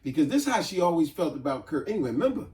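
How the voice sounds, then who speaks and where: A man's voice: on the high side, very fast. A man casually reviewing a novel, animatedly retelling its plot in an echoey room far from the mic. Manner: animated retelling, lots of repeating. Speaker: book reviewer. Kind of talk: casual book discussion.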